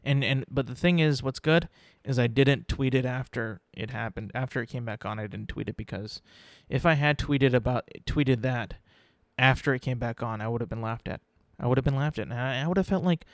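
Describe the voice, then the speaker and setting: A man hosting his own podcast, rambling in a casual, self-mocking way and slipping into quick mock voices. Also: medium pitch, no echo. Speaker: podcast host. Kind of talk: casual solo podcast rant.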